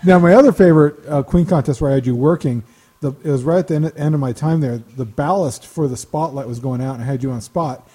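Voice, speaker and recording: A man's voice: on the high side, fast talker, dark tone, slightly rough. A man telling rambling anecdotes on a casual podcast, chuckling now and then. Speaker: podcast co-host. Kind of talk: casual storytelling chat.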